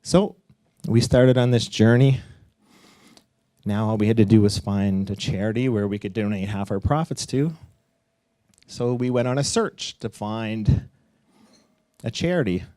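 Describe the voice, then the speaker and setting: A middle-aged man telling a personal story live on stage, animated and swearing at times, leaping up in pitch as he acts out what people said. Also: unhurried, pauses often, no echo, studio quality. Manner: animated, acts out quotes with big pitch jumps, laughs and swears.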